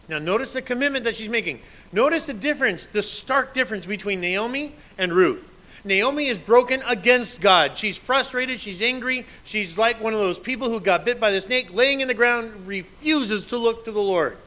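A man's voice: high voice, normal speed, pushed and bright, low-quality recording. A man in his thirties, a pastor preaching a sermon in a conversational way, quoting scripture with emphasis.

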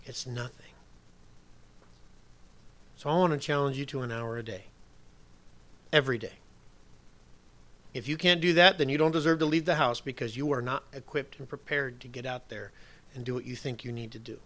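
A man preaching a sermon as pastor, emphatic, moving from soft asides to loud declarations. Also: mid-range voice, moderate pace, pauses often.

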